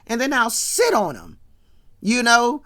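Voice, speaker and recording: A woman voicing a brassy, defiant older sitcom matriarch in a lower, softer voice that turns into loud scolding. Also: huge pitch swings, measured pace, heavily acted.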